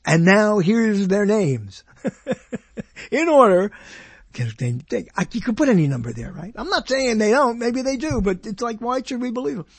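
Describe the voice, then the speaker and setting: A man's voice: very high voice, sing-song, moderate pace, vocal fry, slightly rough, no echo. A man casually rambling to viewers as he goes through his email and junk mail, with sarcastic, grumbling asides. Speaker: vlogger. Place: at home at a computer.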